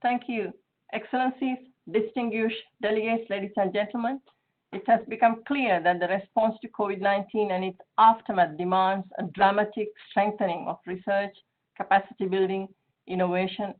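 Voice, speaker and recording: Woman giving a formal speech over tinny webinar audio. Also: mid-range voice. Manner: measured, reads from a prepared text. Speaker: UN division director giving opening remarks.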